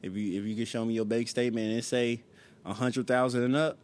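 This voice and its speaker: A man's voice: mid-range voice, steady tone, fast. A man co-hosting a podcast, chatting casually and teasing with dry comebacks. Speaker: podcast co-host.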